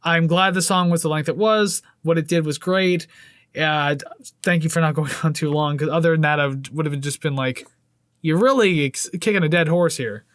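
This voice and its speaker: A man with a notably high voice co-hosts a laid-back album review podcast. He rambles and jokes, leaning on "like" and "I mean" as he goes. The sound is dry and close, with no room around him. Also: steady tone, a little fast, a bit bright, smooth, no echo. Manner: rambling, filler-heavy, joking. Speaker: podcast co-host. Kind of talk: casual album review chat.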